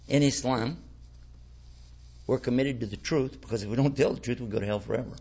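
Male preacher, folksy and conversational, raspy edge, muffled lo-fi recording. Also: medium pitch, a little fast, pauses often, mellow. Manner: folksy, conversational, rhetorical questions. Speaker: Islamic preacher. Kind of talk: informal religious talk. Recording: lo-fi dull recording.

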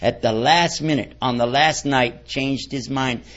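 An unhurried, medium-pitched voice with a fairly bright tone belongs to a folksy Islamic preacher from the United States. He keeps quizzing his audience during a conversational religious lecture, heard through a dull lo-fi recording.

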